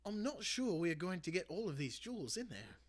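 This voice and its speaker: A man voicing an anxious eleven-year-old boy in a storybook read-aloud, pitched up and strained. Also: sing-song, fairly quick. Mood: doubtful. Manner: raised, strained boyish voice.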